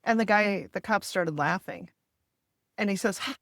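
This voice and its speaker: A woman's voice: mid-range voice, moderate pace, a bit bright, dry recording, clean studio sound. A middle-aged woman, recounting a family crisis candidly and with feeling, quoting what people said. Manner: emotional, candid retelling with quoted dialogue. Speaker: podcast host telling her story. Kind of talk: personal storytelling in a podcast interview.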